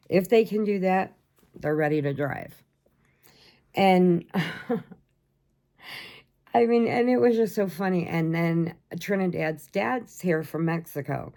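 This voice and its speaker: Chatty older woman with a gravelly voice. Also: fairly low pitch, dark tone. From Chicago area. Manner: chatty, rambling, laughs often. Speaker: crochet vlogger. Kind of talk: casual chat to camera.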